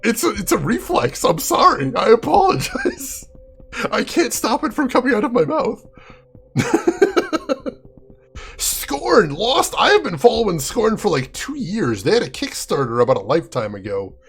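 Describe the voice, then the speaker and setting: A man's voice: high-pitched, wildly swooping pitch, unhurried, fairly bright tone, husky. A man live-streaming a game in a chatty way, laughing often and answering viewers by name. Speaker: game streamer reading chat. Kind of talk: casual live-stream chat.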